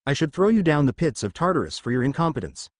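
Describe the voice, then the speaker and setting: A towering, ruthless titan general whose voice booms with authority, as a male narrator puts him on. The delivery swoops with lively pitch, and the sound is dry with no echo. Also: fast talker. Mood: commanding. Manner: booming, commanding.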